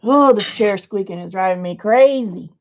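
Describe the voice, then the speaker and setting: A woman's voice: mid-range voice, moderate pace, darkish tone, dull audio. A woman hosting a casual crafting video from her home studio, chatting and muttering to herself as she works. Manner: mutters and whispers to herself while working. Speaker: crafting channel host. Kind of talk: casual crafting chat while working.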